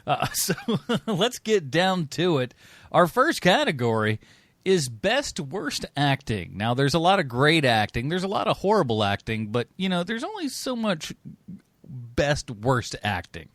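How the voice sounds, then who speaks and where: A man hosts a movie podcast in casual chat, his voice a bit high and swinging widely in pitch. He jokes and ribs his co-hosts, often trailing off quietly at the end of a line. The sound is dry and close. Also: no echo. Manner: animated, jokey, trails off quietly. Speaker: podcast host.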